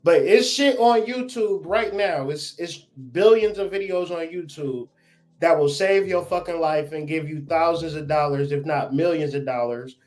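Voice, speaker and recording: A man's voice: fairly high pitch, normal speed. Blunt, cursing man telling stories. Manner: blunt, profane, animated storytelling. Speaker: guest. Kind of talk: casual podcast chat.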